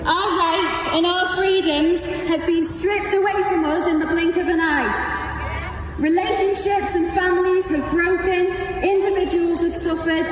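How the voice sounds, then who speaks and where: A woman giving a defiant, rousing speech at an outdoor rally. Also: very high-pitched. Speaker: protest speaker. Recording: roomy PA sound with crowd noise. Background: crowd and noise.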